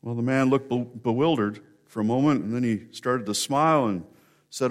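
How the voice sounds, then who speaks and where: A man's voice: mid-range voice, moderate pace. A man preaching a sermon, telling stories in a conversational way and speaking directly to members of the congregation. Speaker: pastor.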